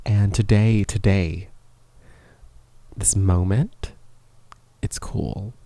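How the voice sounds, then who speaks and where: Extremely slow and fairly even in intonation, this man's low, dark voice carries a casual, rambling podcast monologue full of self-mockery and occasional whispers. He's close on a professional studio microphone in a small studio, with no room sound.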